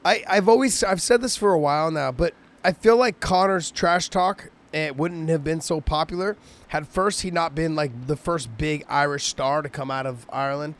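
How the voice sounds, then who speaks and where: A man's voice: fairly high pitch, moderate pace. A man who is a fighter co-hosting a casual talk show, rambling and restarting his phrases, swearing freely. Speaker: co-host, fighter. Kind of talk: casual chat.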